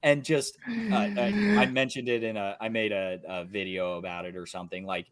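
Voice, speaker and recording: A man's voice: on the low side, normal speed, no room sound. A man co-hosting a podcast, talking casually and animatedly about films, swearing freely and acting out characters. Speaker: podcast co-host. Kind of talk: casual film review chat.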